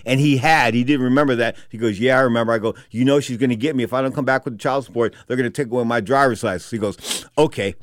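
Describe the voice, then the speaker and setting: A man's voice: mid-range voice, no echo, studio quality. A male radio talk show host telling stories casually, acting out quotes with animation.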